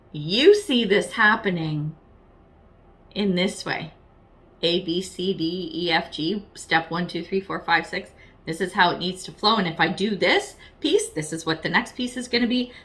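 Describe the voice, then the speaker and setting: A woman's voice: medium pitch, a bit bright. Chatty, foul-mouthed woman tarot reader. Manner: chatty and frank, swears freely; addresses viewers directly, self-deprecating asides. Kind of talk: casual tarot reading to camera.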